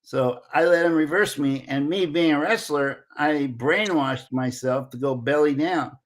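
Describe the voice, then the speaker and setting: A man in his sixties, an interview guest telling a lively anecdote and acting out the dialogue. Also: on the high side, unhurried. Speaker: interview guest, former Olympic wrestler. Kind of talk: casual storytelling.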